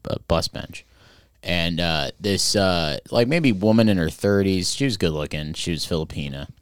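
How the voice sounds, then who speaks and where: Deep-voiced man, teasing and profane. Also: expressive, normal speed, clear, resonant tone, no echo. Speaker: podcast co-host. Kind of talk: casual podcast chat.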